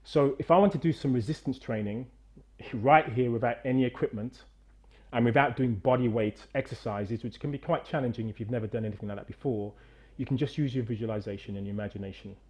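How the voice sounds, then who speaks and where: A middle-aged man coaching a movement demonstration over a video call, animated and encouraging, straining on repeated counts. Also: medium pitch, fast talker. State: out of breath after exercise. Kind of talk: energetic guided demonstration.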